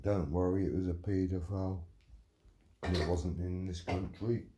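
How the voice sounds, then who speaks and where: Threatening, foul-mouthed man with a dark voice. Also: low voice, fairly even intonation, normal speed, a little hiss or hum. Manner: threatening, heavy swearing. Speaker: livestreamer. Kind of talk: angry livestream rant answering chat.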